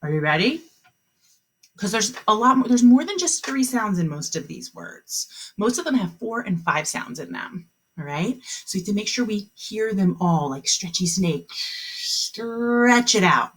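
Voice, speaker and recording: A woman teaching a kindergarten phonics lesson on a video call, speaking slowly and encouragingly and stretching out the sounds of words for young children. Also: mid-range voice, sing-song, a bit bright, slightly rough.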